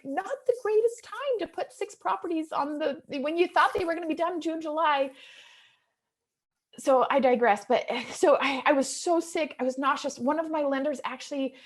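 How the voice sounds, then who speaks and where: A woman in her thirties, a real estate investor, telling an earnest and emotional personal story to an audience. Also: high-pitched. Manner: emotional, earnest storytelling that swings from hushed to excited.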